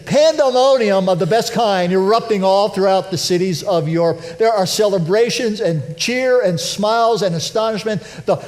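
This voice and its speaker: High-voiced, animated male pastor preaching. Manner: conversational, animated preaching with self-deprecating humor. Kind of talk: sermon. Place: church sanctuary.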